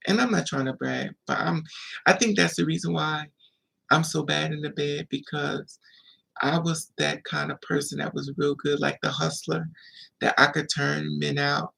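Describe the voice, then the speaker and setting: Gravelly, husky-voiced man telling stories. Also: fairly high pitch, steady tone, normal speed, sharp tone. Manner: chatty, digressive, laughing asides. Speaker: vlogger. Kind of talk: casual storytelling. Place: indoors, at home.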